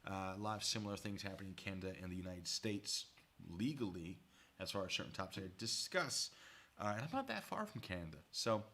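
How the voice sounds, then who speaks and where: A man's voice: sits low, lively intonation, a little fast, pushed and bright. A man giving casual live-stream commentary at a desk mic, rambling and chatty with asides to his viewers. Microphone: desk mic pulled close.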